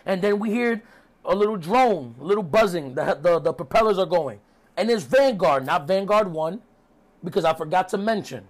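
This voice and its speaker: A man talking through a recap in a loose, rambling, chatty way, as a podcast host. His voice sits a little on the high side for a man. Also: animated, normal speed. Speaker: podcast host reviewing wrestling. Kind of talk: casual recap.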